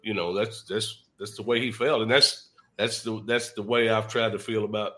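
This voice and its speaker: A man's voice: fairly low pitch, steady tone, moderate pace, a bit bright. A man co-hosting a casual podcast, telling stories in a folksy, rambling way and restarting his sentences.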